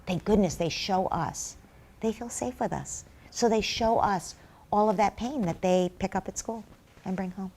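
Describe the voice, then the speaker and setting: Speaking at a normal speed in a medium-pitched voice, a woman answers interview questions as a parenting expert, staying calm and reassuring and repeating key points for emphasis.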